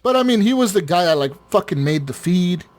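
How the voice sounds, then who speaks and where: A man with a somewhat high voice hosts a casual gaming podcast. He talks loosely, laughing and swearing, and restarts his sentences with repeated words. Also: lively intonation, fairly quick, darkish tone. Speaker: podcast host. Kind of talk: casual chat.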